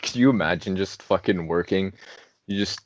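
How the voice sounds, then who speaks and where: A man's voice: low voice, moderate pace, a little hiss or hum. A young man co-hosting a casual podcast, joking crudely and laughing often. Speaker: podcast co-host. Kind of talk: casual chat.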